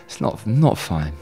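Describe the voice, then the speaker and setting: A man's voice: lowish voice, creaky, warm tone. A middle-aged man from England, a guest in an interview, talking candidly with emphatic, heated bursts and jokey asides.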